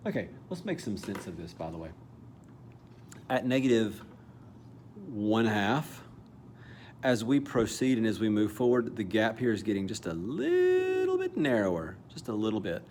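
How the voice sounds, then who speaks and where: A man with a fairly low voice walks students through a calculus exam question. He talks casually and thinks aloud, fixing his own small slips as he goes. A faint noise sits under the recording. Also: very animated, normal speed, a little mellow. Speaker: math teacher. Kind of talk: calculus lesson walkthrough.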